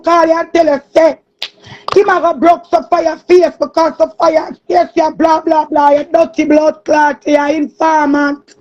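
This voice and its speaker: A woman with a Jamaican accent in an angry, cursing monologue, often shouting. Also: extremely high pitch. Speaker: streamer. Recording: muffled lo-fi recording.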